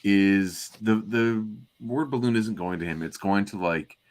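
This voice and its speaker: A man's voice: lowish voice, unhurried, darkish tone. A man hosting a comic book podcast in casual chat, reading out listener comments. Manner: chatty, reads out listener comments.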